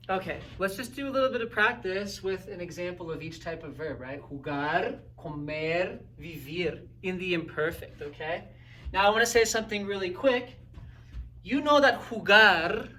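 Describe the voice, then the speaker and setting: A man's voice: fairly high pitch, bright, forceful tone, distant mic, slight background noise. A man teaching a recorded grammar lesson in an upbeat, coaching way, often checking in with "right?" and "okay?". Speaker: Spanish teacher.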